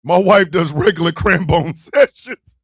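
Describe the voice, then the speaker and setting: Man, stream host, loud, profane, high voice, gravelly, dry close sound. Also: a little slow, no room sound. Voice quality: brash, profane, laughing often. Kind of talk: loud comedic live-stream chat.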